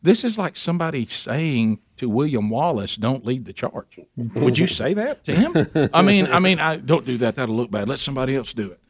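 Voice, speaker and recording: Older man telling a lively story, dry sound. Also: medium pitch, normal speed, slightly rough, no room sound. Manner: animated anecdote-telling, acting out quoted people. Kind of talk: casual storytelling chat.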